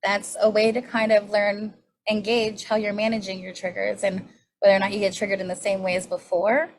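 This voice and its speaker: A woman's voice: medium pitch, flat delivery, a little fast. A woman in her forties teaching a healing class on triggers, candid and conversational, often checking in with a rhetorical "right?". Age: 40s. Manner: candid, conversational, self-disclosing. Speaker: class facilitator.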